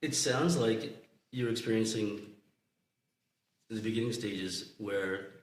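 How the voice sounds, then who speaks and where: Man, low voice, calm explainer, echoey room. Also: takes it slowly. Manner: explaining, calm, asks for agreement. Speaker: podcast co-host. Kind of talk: casual explanatory talk.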